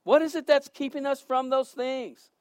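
A man's voice: extremely high pitch, steady tone, moderate pace, no room sound, studio quality. A man preaching a sermon, earnest and emphatic, often repeating words as he goes.

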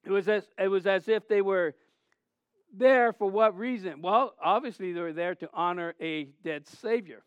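High, clear-voiced male preacher. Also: normal speed, no echo, muffled recording. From Southern California. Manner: conversational preaching, animated storytelling with repeated restarts. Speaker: pastor. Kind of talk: sermon.

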